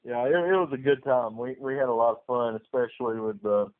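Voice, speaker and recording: A man's voice: mid-range voice, fairly quick. Laid-back joking man, tinny sound. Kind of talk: casual chat.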